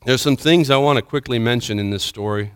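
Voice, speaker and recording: A man preaching a sermon, retelling a scripture story with dramatic swings from urgent, loud passages to hushed, quiet ones. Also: mid-range voice, brisk, clear, resonant tone, no echo, clean studio sound.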